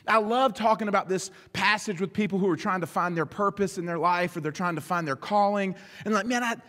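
A pastor preaches briskly in an animated style, slipping into little voices for the people in his examples and acting out dialogue. His voice sits high for a man, and the sound carries a long hall reverb.

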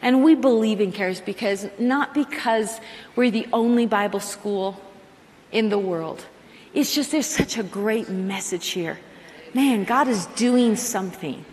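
A middle-aged woman preaching a sermon to a live congregation, animated, acting out her own prayers in quoted asides. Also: medium pitch, measured pace, slight background noise. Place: large hall with live audience. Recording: long hall reverb.

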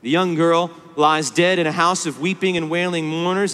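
A man preaching a sermon at a conference, swinging between hushed tenderness and loud, stirring emphasis. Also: fairly high pitch, normal speed, a little hiss or hum. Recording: long hall reverb.

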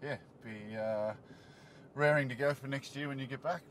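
A man's voice: mid-range voice, moderate pace, a bit bright. A man, a rugby coach, bantering dryly and teasingly while driving a ute. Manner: dry teasing banter, calls people mate. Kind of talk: casual in-car banter. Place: inside a moving ute. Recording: road noise inside a car.

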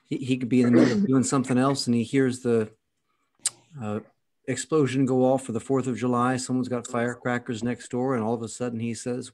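A man who is a priest speaks with a middle-pitched voice in a friendly, chatty way. He is heard over a video call in easy conversation. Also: flat delivery, a little fast, darkish tone. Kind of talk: casual video-call chat.

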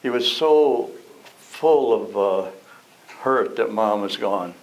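A man's voice: on the low side, expressive, takes it slowly, poor audio. A man teaching an adult Sunday school class, reading scripture and asking the class questions in a conversational way. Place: church classroom.

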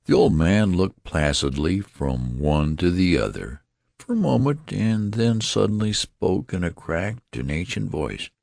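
Very deep, gravelly male narrator. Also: animated, unhurried, darkish tone, no echo, clean studio sound. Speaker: audiobook narrator. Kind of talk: scripted narration.

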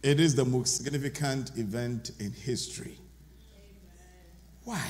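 A man preaching a sermon as pastor, swinging from loud shouted lines to hushed asides. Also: medium pitch, measured pace, long pauses. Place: large church sanctuary. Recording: long church reverb.

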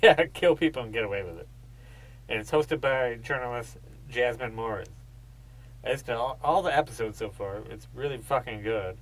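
A man's voice: medium pitch, moderate pace, poor audio. A man co-hosting a podcast in casual chat, rambling through stories, swearing freely and laughing as he talks. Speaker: podcast co-host.

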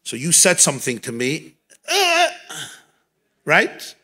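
A man's voice: on the high side, takes it slowly. A man, a rabbi, giving a farbrengen talk at a gathering, telling stories and teaching with Yiddish and Hebrew phrases mixed in. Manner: storytelling, animated, sprinkled with Yiddish and Hebrew. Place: gathering in a home.

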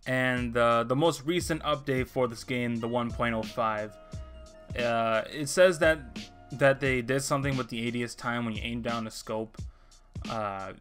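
Bright-voiced young man ranting over gameplay. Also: mid-range voice. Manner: ranting, opinionated, frustrated. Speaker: gaming video creator. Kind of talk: gameplay commentary.

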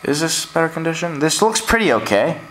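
A man's voice: a little high, very animated, fairly quick, a bit bright, a little hiss or hum, low-quality recording. A man in a casual vlog, reading out track lists from his records in an offhand, shrugging way, recorded on a camera mic indoors at home. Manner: offhand, shrugs things off with "whatever". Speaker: vlogger showing record pickups.

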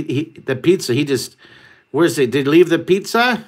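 A man hosting a live online drawing lesson, talking excitedly and rambling as he draws and makes up a story. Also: a little high, moderate pace.

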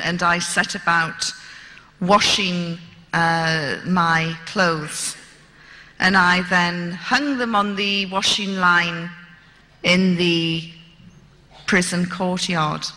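British woman, fifties, slow and deliberate, very bright tone, storytelling lecture in a long-reverb hall. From Britain. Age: 50s. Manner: animated, acts out dialogue with raised pitch. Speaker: speaker.

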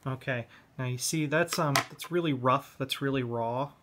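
Easygoing guy walking through a model kit how-to, mid-pitched, chill. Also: moderate pace, background noise. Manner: laid-back step-by-step explaining. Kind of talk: hobby tutorial.

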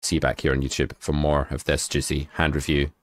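A man with an extremely low voice hosts a poker hand review, thinking out loud and getting excited over his own reads. His delivery is jokey and quick to laugh at himself. The sound is dry and close. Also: dry recording. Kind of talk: casual poker hand analysis.

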